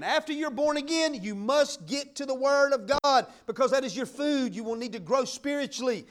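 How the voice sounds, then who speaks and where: A middle-aged man preaching a sermon, fervent and emphatic, swinging between loud declarations and quiet asides. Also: very high voice, animated, moderate pace, few pauses. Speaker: pastor.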